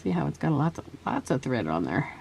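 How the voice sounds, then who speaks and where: A woman hosting a casual crafting tutorial, talking softly and trailing off as she works at her table. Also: extremely low pitch, sing-song, brisk, gravelly, a little hiss or hum. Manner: soft-spoken, chatty, trails off while working. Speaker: craft video host.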